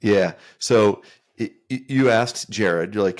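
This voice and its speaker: A man's voice: lowish voice, steady tone, moderate pace. A man co-hosting a podcast, telling a rambling anecdote with repeated words. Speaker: podcast host. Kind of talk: casual podcast chat, storytelling.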